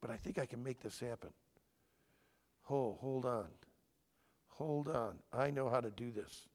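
A man in his sixties from Michigan, giving an animated sermon-style talk at a family conference and pressing his audience with questions. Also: medium pitch, a little slow. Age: 60s. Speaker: conference speaker.

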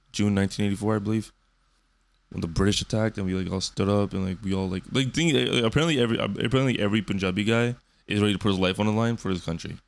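A young man in his early twenties rambles through a casual monologue, swearing freely and joking. He trips over his words and restarts his sentences, and his voice sits a little low. He sounds like a streamer talking off the cuff. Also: vocal fry. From Canada. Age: 20s. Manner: profane, rambling, joking, with many fillers and restarts. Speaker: streamer and podcast host.

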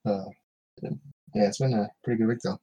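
Low-voiced man rambling through a story. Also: steady tone, fairly quick, warm tone, slightly rough. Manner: rambling storyteller, restarts and laughs often. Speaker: podcast co-host. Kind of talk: casual chat.

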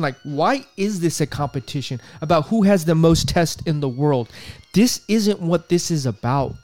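A man hosts a podcast in a fired-up, profane rant, circling back and repeating his points. His voice sits a little high for a man. The sound is dry and close, with no room echo. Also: expressive, moderate pace, few pauses, darkish tone. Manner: profane, exasperated, repeats himself. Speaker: podcast host. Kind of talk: ranting podcast commentary.

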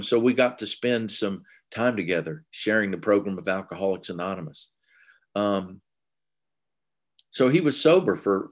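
A man's voice: lowish voice, a bit bright. A man in his sixties with a Southern US accent, telling his recovery story at an online meeting, candid and emotional with wry humor. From American South. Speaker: speaker sharing a recovery story.

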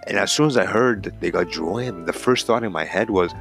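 A man's voice: deep voice, fairly quick, vocal fry, a bit bright, soft background music. A man hosting a hockey talk show, ranting in a profane, heated, rambling way. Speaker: hockey podcast host. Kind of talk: casual rant, reading a column aloud.

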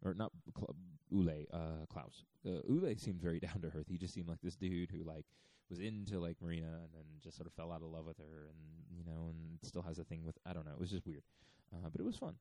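A man's voice: low-pitched, fairly even intonation, brisk, hardly any pauses, warm tone, no room sound. A man in his thirties casually telling a story, rambling with lots of fillers. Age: 30s.

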